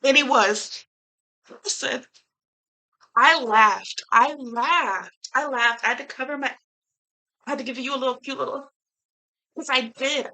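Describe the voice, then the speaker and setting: A young woman talks straight to her camera in a loose, chatty movie review. Her voice sits a little high and has a bright, forceful edge. She is lively and slangy, laughs easily and swears without a second thought. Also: a little slow, vocal fry, long pauses, low-quality recording. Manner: animated, laughs a lot, swears freely, slangy. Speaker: YouTuber reviewing a film.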